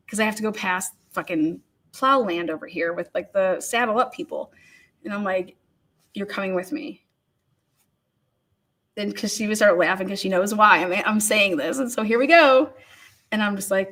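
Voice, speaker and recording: A woman's voice: mid-range voice, normal speed, long pauses, fairly bright tone. A woman telling a funny personal story in a casual way. She swears a lot, laughs while she talks, and acts out what other people said.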